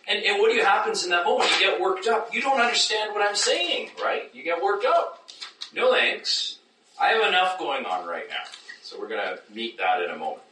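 A man preaching a sermon as pastor, animated, acting out doubters in high mocking voices. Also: normal speed, background noise. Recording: echoey room, mic at a distance.

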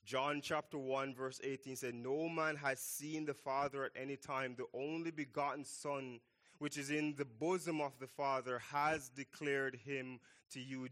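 A man preaching a sermon, slow and emphatic, repeating key phrases for weight. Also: medium pitch, fairly even intonation, fairly bright tone.

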